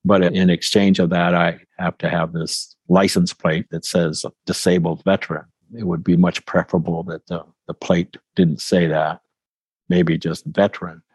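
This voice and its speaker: Speaking as an interview guest, a man in his seventies reflects slowly and carefully on his experiences in a low, husky voice, measured and thoughtful with small restarts. The recording is rough, dry and close, with no echo or sense of a room.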